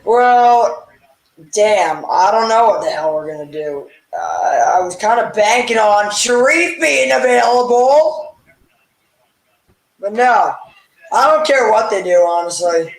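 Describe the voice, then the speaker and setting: A man co-hosting a casual sports chat, excitable and blunt with slangy talk, heard with a roomy echo. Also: high-pitched, slow. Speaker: co-host.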